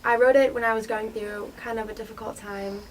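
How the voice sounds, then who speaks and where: A woman's voice: a little high, steady tone, a little fast, recorded from a distance, slight background noise, rough recording. A young woman singer-songwriter talking about her song in a casual way, with many fillers. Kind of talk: radio interview.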